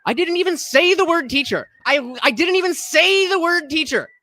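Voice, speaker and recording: Sarcastic male streamer, lively dry voice. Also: very high-pitched, normal speed, dry recording. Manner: sarcastic, mocking; swings from loud outbursts to mumbling. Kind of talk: live-stream chat reading and reaction.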